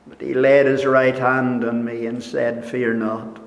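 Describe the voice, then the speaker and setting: A man preaching a sermon, speaking slowly and deliberately, sinking to hushed tones and rising for emphasis. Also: mid-range voice, little pitch movement, gravelly. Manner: slow, deliberate preaching, dropping to near-whispers and rising in emphasis. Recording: echoey hall with long reverb.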